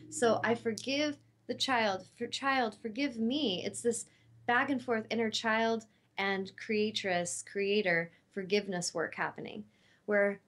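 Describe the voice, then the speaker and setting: A woman's voice: mid-range voice, fairly bright tone. A woman who works as an intuitive healer, talking earnestly and from the heart about love and forgiveness, with casual fillers. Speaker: intuitive healer and show host. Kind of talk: spiritual teaching talk.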